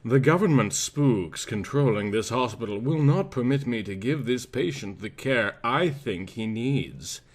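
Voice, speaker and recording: A man voicing a middle-aged doctor who grumbles in a low, conspiratorial way. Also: animated, unhurried, few pauses. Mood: grumbling.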